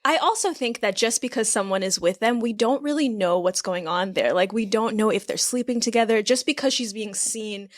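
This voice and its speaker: A woman speaks in a casual podcast chat, earnest and questioning as she reasons through her point. Her voice sits somewhat high. The sound is dry and close. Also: brisk, few pauses, no room sound.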